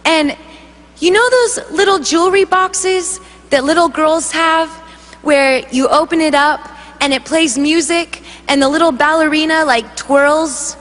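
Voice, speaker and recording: A woman worship singer giving an emotional spoken testimony, telling it in an animated way and acting out the voices. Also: high voice, measured pace, soft background music. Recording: long hall reverb.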